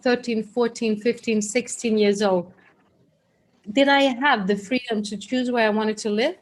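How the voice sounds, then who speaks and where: A woman teaching a live group class, talking in a chatty, guiding way with frequent restarts. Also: fairly high pitch. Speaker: workshop teacher.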